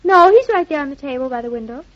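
An actress playing a playful, breezy young wife in old radio drama style. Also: female voice, high-pitched, expressive, fast. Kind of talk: 1940s radio acting. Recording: dull lo-fi old radio recording.

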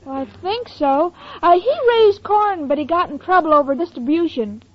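A woman's voice: extremely high pitch, expressive, moderate pace. An actress playing a scatterbrained, naive young woman in a 1940s radio sitcom, earnest and full of cheerful non sequiturs. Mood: chatty. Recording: dull old radio broadcast recording.

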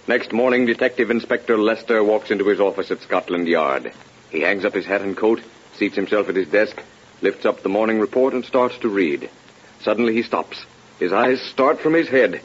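A man narrates an old radio drama, setting each scene in a low, husky, measured voice with an ominous edge. The broadcast has a dull, lo-fi sound.

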